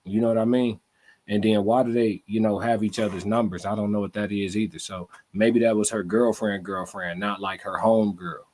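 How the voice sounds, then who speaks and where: Brief: male streamer, lowish voice, relaxed and blunt commentary. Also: moderate pace. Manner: laid-back, blunt, profane. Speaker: live-stream host. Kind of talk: casual reaction commentary.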